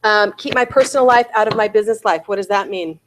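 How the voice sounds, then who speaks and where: A woman's voice: mid-range voice, quick pace, a little hiss or hum. A woman in her forties giving a real estate sales bootcamp talk, often asking her audience "right?" and "okay?".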